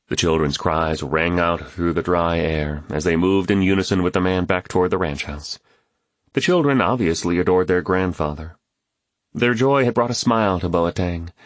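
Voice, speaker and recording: A man narrating an audiobook in a measured, steady storytelling way into a close studio mic. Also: low-pitched, no echo.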